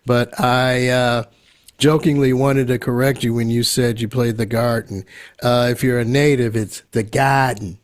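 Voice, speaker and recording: A man's voice: medium pitch, level tone, moderate pace. Chatty male podcast host full of ums. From Los Angeles, US. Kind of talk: casual interview chat.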